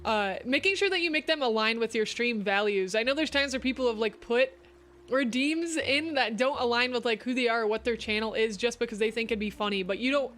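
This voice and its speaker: A woman's voice: a little high, a little fast, a bit bright. A young woman streamer chatting casually, filling her talk with "like.". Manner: chatty, says "like" a lot. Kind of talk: casual chat.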